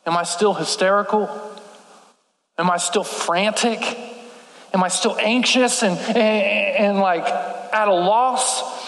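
A man's voice: high voice, slow, pauses often, fairly bright tone. A man preaching a sermon in a casual, slangy way, often saying "like". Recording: echoey hall with long reverb.

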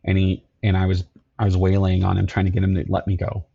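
Man, middle-aged, gravelly husky low voice; earnest halting storyteller. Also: completely flat delivery, mellow, muffled recording. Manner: earnest, halting, repeats himself. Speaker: podcast guest, security company owner. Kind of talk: telling his life story.

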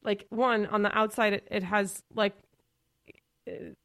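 A woman's voice: mid-range voice, fairly even intonation, a little slow, gravelly, fairly bright tone, no room sound, studio quality. A woman in her thirties co-hosting a podcast in casual chat, who laughs often and trails off and restarts her sentences. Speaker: podcast co-host.

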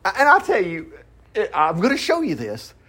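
His voice sits high, bright and forceful, swooping wildly in pitch at a moderate pace. This pastor reads scripture during a casual Bible study and riffs on it in a folksy, talky way, full of asides.

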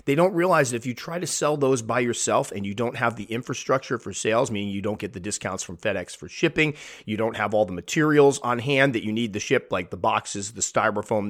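A man's voice: medium pitch, a bit bright. A man hosting a hobby podcast, talking candidly and animatedly, acting out the people he quotes. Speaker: podcast host. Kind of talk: casual podcast monologue.

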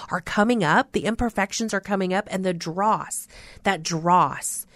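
A woman preaches a radio devotional in a slow, deliberate delivery, earnest and emphatic. Her voice sits at a middling pitch and comes across dry and close, with no room sound. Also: dry recording. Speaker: radio host. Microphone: studio mic.

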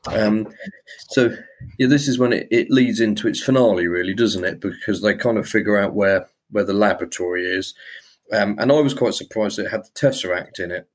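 A man's voice: fairly low pitch, fairly even intonation, brisk. A man co-hosting a podcast, casually recapping a film's plot with frequent ums and hesitations. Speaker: podcast co-host. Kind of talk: casual film-discussion chat.

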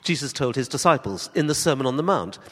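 A man preaching in a church, his voice rising and falling with lively, expressive intonation. He leans into emphatic questions, then slows down to drop to soft, deliberate stresses. His words ring out with the long reverb of a large church hall. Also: medium pitch. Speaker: pastor. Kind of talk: sermon.

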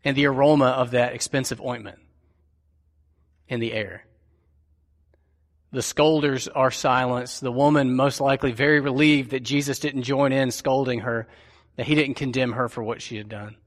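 A man preaching a sermon, retelling a scripture story slowly and vividly, leaning on deliberate emphasis. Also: mid-range voice, steady tone, big-room sound.

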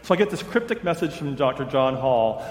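A man's voice: medium pitch, sing-song, fairly quick, a little mellow. A male pastor telling a personal story during a sermon, in a conversational storytelling way. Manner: conversational storyteller, voices others' lines in quotes. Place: church sanctuary. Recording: roomy church with long reverb.

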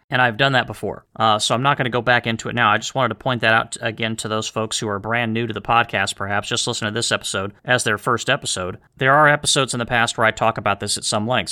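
A man with a bright, forward voice leads a history study podcast. He talks earnestly and emphatically and often poses rhetorical questions to his listeners. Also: medium pitch. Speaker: podcast host leading a history study group. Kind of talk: explanatory podcast talk, reading historical letters.

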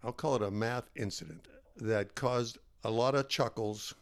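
A man's voice: mid-range voice, normal speed, creaky. A man co-hosting a podcast, chiming in with wry remarks during casual chat. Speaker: podcast co-host.

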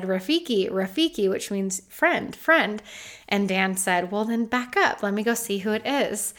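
Woman host, 30s, reflective personal storytelling, earnest and lively. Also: medium pitch. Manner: earnest, reflective, animated when retelling. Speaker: podcast host.

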